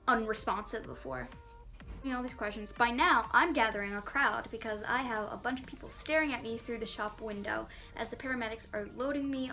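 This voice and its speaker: Young woman vlogger, bright forceful voice, lively storytime delivery over soft music. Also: fairly high pitch. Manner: animated storytelling, quoting others in acted voices. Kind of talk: storytime vlog. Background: faint background music.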